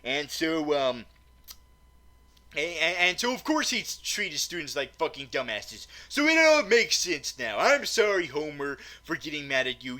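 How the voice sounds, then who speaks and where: A man with a high, sharp voice tears into a film in a rambling comedic rant. He stumbles over his words, restarts sentences and leans on fillers. His profanity comes out exasperated. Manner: stammering, repeats words, many fillers. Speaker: movie reviewer.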